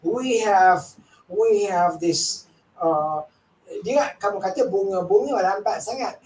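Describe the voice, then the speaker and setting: A woman in her fifties with a Malaysian accent gives a workshop lecture in a lively storytelling manner, acting out the voices she quotes. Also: mid-range voice, slow. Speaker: workshop speaker. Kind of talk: lecture mixing Malay and English. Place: training hall. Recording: echoey hall, mic at a distance, faint room noise.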